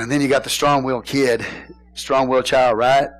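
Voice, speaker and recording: A middle-aged man preaching a sermon as pastor, in a casual folksy way, asking his congregation questions and now and then shouting a point. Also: medium pitch, flat delivery, normal speed, low-quality recording. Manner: casual folksy phrasing, bursts into shouted emphasis.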